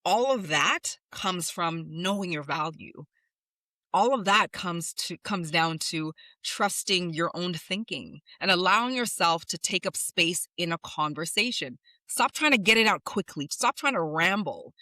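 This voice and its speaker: A woman's voice: on the low side, animated, a little slow, bright, forceful tone, no echo. A woman podcast host and communication coach, talking straight to listeners in an emphatic, instructive way. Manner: emphatic, instructive, repeats commands. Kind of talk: direct-address coaching monologue.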